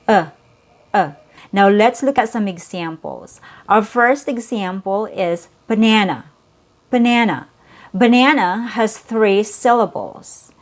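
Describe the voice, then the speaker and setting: Slow, patient woman teaching pronunciation. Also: mid-range voice. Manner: patient, repeats sounds and words for practice. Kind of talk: slow, clear pronunciation lesson.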